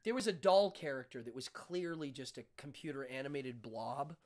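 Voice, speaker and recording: A man hosting a casual interview chat, telling stories in an animated, excitable way. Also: medium pitch, moderate pace, a crowd in the background. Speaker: host.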